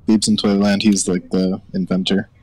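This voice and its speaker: A man's voice: lowish voice, flat delivery, moderate pace, a little mellow, poor audio. A man playing a tabletop game, speaking in short, plain turns. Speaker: player. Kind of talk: casual tabletop play.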